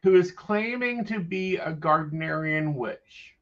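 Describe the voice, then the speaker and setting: A man's voice: a little high, slow pace, a bit bright. A man hosting a casual chat, gossipy with dry, wry asides. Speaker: psychic host. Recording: dull lo-fi sound.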